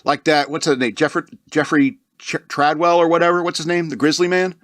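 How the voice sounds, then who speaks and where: A man's voice: on the high side, little pitch movement, brisk, fairly bright tone, no room sound, studio quality. A man hosting a podcast, rambling through a casual comedic monologue, laughing often and slipping into mocking voices. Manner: puts on mocking voices for quotes. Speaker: podcast host.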